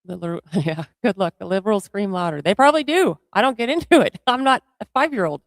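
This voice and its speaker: A woman's voice: mid-range voice, lively intonation, fast, dry recording. A woman co-hosting a livestream in casual political chat, bluntly answering chat comments. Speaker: co-host of a livestream.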